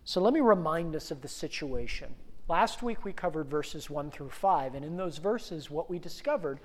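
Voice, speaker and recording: Animated pastor in a reverberant hall. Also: male voice, fairly high pitch, moderate pace. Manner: animated storytelling, rising to loud bursts and dropping to soft prayer. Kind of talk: sermon. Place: church sanctuary. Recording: long reverb of a church hall.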